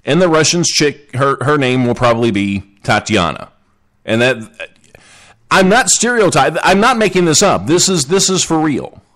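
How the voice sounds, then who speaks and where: A man's voice: on the high side, expressive, normal speed, a bit bright. A man hosting a casual live podcast, joking and chatting with listeners in the chat. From Southern United States. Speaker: podcast host.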